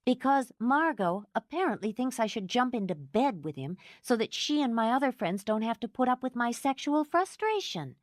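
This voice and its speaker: A woman's voice: on the high side, big pitch swings, normal speed, few pauses, no echo, clean studio sound, voice pushed up. A woman voicing a proud, hurt divorced woman of thirty who keeps her temper tightly controlled.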